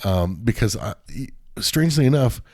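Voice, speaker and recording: A man's voice: medium pitch, lively intonation, moderate pace, a little mellow, dry recording, clean studio sound. A man co-hosting a podcast in casual chat, rambling with many fillers and frequent swearing. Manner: profane, rambling, full of fillers. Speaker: podcast co-host.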